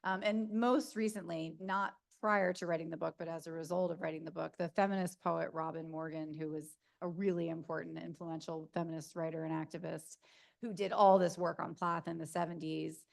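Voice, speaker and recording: A woman's voice: on the low side, level tone, a little fast, vocal fry. A middle-aged woman with a South Jersey accent, telling stories casually while answering audience questions at a reading, with lots of fillers and laughs. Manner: chatty storyteller, laughs often, many fillers. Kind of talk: casual Q&A talk. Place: university event room. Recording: Zoom capture of a room talk.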